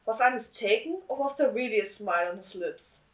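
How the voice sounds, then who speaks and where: A woman's voice: a little high, expressive, brisk, reverberant. A woman co-hosting a podcast, hesitant and searching for words, an English speaker. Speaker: podcast co-host. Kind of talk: casual chat and reading aloud.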